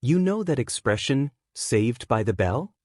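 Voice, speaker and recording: A jeering schoolyard bully boy with a taunting, sing-song way of talking, as a man reads him out. The voice sits at an ordinary middle pitch. It is recorded dry and close for a storybook reading. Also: sing-song, a little slow, darkish tone, dry recording.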